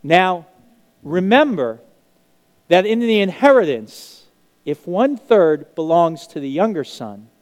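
A man preaching a sermon, telling a parable in an animated way and acting out the characters' lines. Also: sits high, slow pace. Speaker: pastor. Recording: long hall reverb.

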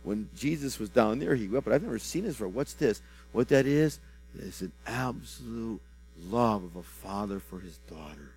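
A fervent man with a fairly low voice delivers a prophetic word in a sermon style. He keeps repeating phrases and stammers into restarts. His volume swings from soft murmurs to loud bursts, and faint music plays behind him. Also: lively intonation, normal speed, low-quality recording. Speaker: minister giving a personal prophecy. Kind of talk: prophetic ministry.

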